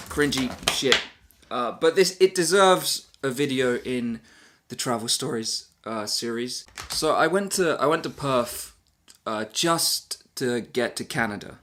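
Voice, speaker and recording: A man's voice: mid-range voice, fairly bright tone. Rambling self-deprecating man telling a travel story. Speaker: travel vlogger. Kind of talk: casual storytelling to camera.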